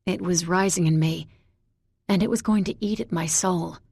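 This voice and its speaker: A woman narrating a novel in the first person, measured and introspective. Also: lowish voice, fairly even intonation, gravelly, a little mellow, slightly rough, no room sound. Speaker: audiobook narrator.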